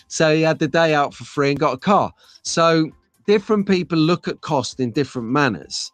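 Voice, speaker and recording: A man's voice: fairly high pitch, normal speed, fairly bright tone, no room sound, soft background music. A middle-aged man hosting a live stream, chatting casually and reading out viewer comments. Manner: chatty, rambling, reads chat comments aloud. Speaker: host of a live stream show.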